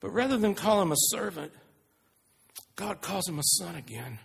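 A man preaching a sermon, retelling stories in an earnest, animated way. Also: high voice, normal speed, vocal fry, husky. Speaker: pastor. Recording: long reverb of a large hall.

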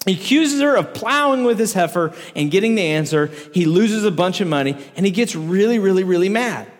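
With a high voice and a slightly fast pace, a man preaches a casual sermon to a crowd, telling a story and laughing frequently. He's joking and animated, and the hall adds an echoey reverb.

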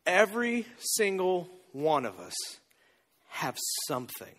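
Male pastor, high lively voice, acts out scenes, echoey hall. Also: slow. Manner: animated storytelling, acting out dialogue. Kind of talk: sermon.

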